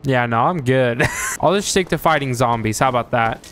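A man giving live gameplay commentary, excitable and joking, who trash-talks enemies and yelps and shouts at the game. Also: medium pitch, moderate pace. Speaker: streamer playing a video game. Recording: noticeable background noise.

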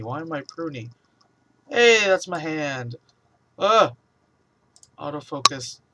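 A man's voice: on the high side, fairly bright tone. A young man in his bedroom, testing a new webcam and talking to himself, cursing and easily startled. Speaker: vlogger. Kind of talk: casual rambling webcam vlog. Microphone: webcam microphone.

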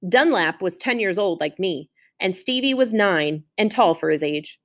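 Brief: chatty woman teacher, class read-aloud, mid pitch. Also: lively intonation, normal speed. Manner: friendly, chatty with fillers.

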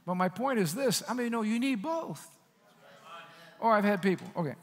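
A male pastor delivering a sermon in a church sanctuary, talking with the congregation as much as preaching to them. His voice sits high for a man. The room carries a long reverb. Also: moderate pace. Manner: conversational, animated preaching with asides to the congregation.

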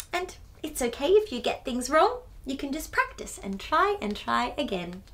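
A woman's voice: sits high, a bit bright. A woman reading a picture book aloud to children, adding chatty asides with gasps and giggles. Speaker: children's storyteller.

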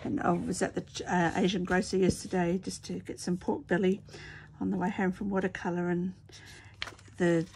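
A woman's voice: on the low side, little pitch movement, moderate pace, a little mellow, slight background noise. A woman hosting a craft video, chatting casually and talking herself through each step with murmured asides. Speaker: craft channel host. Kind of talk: casual crafting chat to camera.

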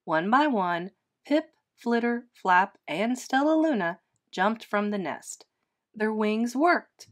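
A woman teacher reading a children's picture book aloud in a gentle, expressive storytelling manner. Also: medium pitch, slow.

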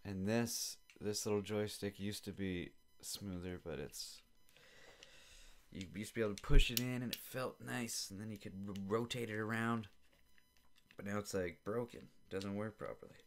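Low-voiced young man ranting casually. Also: steady tone, normal speed, noisy background. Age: young adult. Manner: rambling, profane and irritated. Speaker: podcast host. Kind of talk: casual podcast rant. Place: home basement.

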